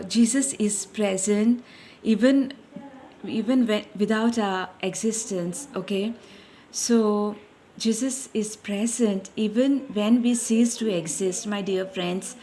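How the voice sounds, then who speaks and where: A woman's voice: mid-range voice, warm tone, a little hiss or hum. A woman giving an informal devotional message, earnest and repetitive, often calling listeners her dear friends and correcting herself as she goes. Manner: self-correcting, searching for words. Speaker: Christian speaker.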